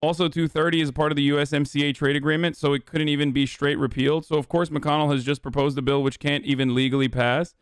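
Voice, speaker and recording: High, crisp-voiced male streamer. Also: fast talker, hardly any pauses, no echo, studio quality. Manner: profane, animated, rambling riffs. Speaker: streamer, political commentator. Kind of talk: casual livestream reaction commentary.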